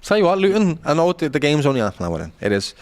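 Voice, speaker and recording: A man's voice: on the high side, big pitch swings, fast. Scouse man bantering about football. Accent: Liverpool. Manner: banter, keeps saying "lad". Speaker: football pundit.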